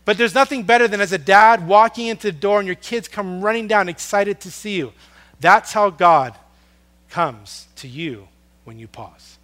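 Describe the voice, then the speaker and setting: A man preaching a sermon, earnest and storytelling, swinging from loud emphasis down to a hush on soft words. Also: sits high, normal speed. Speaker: pastor.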